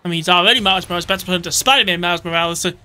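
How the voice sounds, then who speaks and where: A man giving jokey, excitable commentary while playing a video game, often shouting his reactions. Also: high voice, very fast. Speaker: let's play host. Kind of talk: gameplay commentary.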